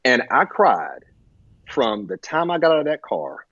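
A man telling a personal story in a halting way, with many fillers and restarts, on a muffled lo-fi recording. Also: mid-range voice, huge pitch swings, a bit bright, slightly rough, dry recording. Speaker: guest. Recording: muffled lo-fi audio.

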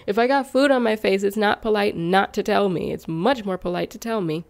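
Talking to her viewers in a casual vlog, a young YouTuber speaks at a normal speed in a gravelly voice. She's animated, rising sharply in pitch on asides and questions, with frequent laughter between ideas.

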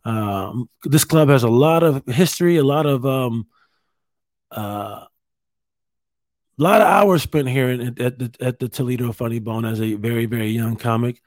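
A stand-up comedian from Ohio telling a candid story to camera from a hotel room, pausing often and restarting his sentences. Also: medium pitch, a little mellow, no echo, studio quality. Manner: halting, many fillers and restarts, candid.

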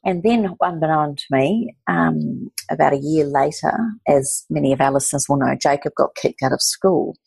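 A woman's voice: low voice, moderate pace, vocal fry, few pauses, a little mellow, slightly rough, no echo. A woman in her forties, an author talking about her book with her writing coach in casual, effusive storytelling. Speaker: author and guest.

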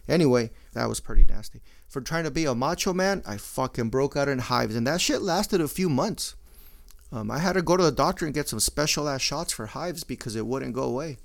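A middle-aged man, his voice gravelly with fry. He talks in a casual, blunt monologue full of swearing and Spanish slang. His pitch sits in an ordinary middle range. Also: expressive, brisk. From Mexican-American. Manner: profane, blunt, mixing Spanish slang into English.

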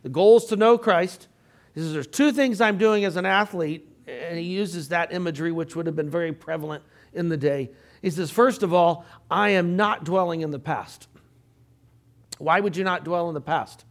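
An older man leads a Bible study in a relaxed, conversational way. His voice sits a bit high for a man, and he often clears his throat and adds asides to the class. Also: normal speed. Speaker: Bible teacher.

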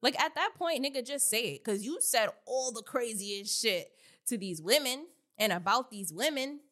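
A woman's voice: fairly high pitch, expressive, moderate pace, sharp tone. A woman co-hosting a podcast, sarcastic and swearing freely in casual chat. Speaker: podcast co-host.

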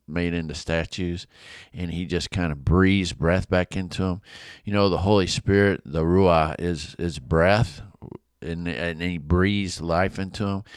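A man's voice: sits low, smooth, no echo, studio quality. A man leading a casual devotional Bible study, enthusiastic and conversational.

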